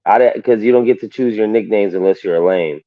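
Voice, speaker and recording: Blunt guest from California, easygoing, dry dull sound. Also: male voice, fairly low pitch, quick pace, no room sound. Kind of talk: casual group chat.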